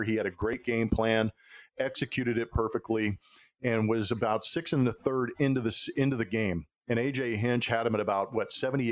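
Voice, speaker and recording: A man hosting a sports podcast, telling stories in a chatty, casual way with frequent filler words. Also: on the low side. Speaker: podcast host. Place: Houston.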